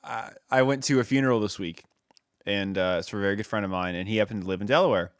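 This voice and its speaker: A man's voice: on the low side, quick pace, clean tone, dry recording, studio quality. A man with a Mid-Atlantic Maryland accent, co-hosting a podcast and telling meandering stories with laughs. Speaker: podcast co-host. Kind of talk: casual storytelling chat.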